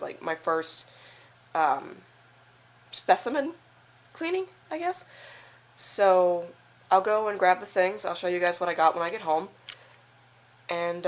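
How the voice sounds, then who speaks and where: A woman's voice: fairly low pitch, rough recording. A young woman chatting casually to camera in a rambling vlog, filming herself with a phone outdoors by a house. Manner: chatty, rambling with many fillers. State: out of breath. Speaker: vlogger. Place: outdoors beside a house, partly in a car. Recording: outdoor phone recording with background noise.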